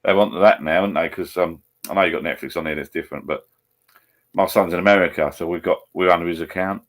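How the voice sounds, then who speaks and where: A man with an Essex accent rambles cheerfully as he hosts a live chat from home. His voice sits very low, and he drifts from topic to topic like talk at the bar. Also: steady tone, fast talker, fairly bright tone. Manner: rambling, chatty, blokey. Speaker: live stream host. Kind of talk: casual banter over a video call. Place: at home beside a laptop.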